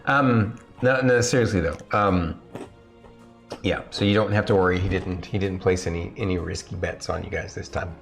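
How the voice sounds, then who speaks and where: A man's voice: sits low, normal speed, soft background music. A man narrating as game master, rambling with many restarts. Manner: rambling, full of fillers and restarts.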